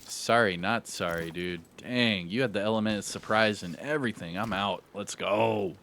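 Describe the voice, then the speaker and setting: A man's voice: lowish voice, normal speed, fairly bright tone, slight background noise. A man giving live, hyped, slangy commentary over his own gameplay, talking to himself as he plays. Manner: hyped, slangy, talks to himself while playing. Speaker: gaming YouTuber.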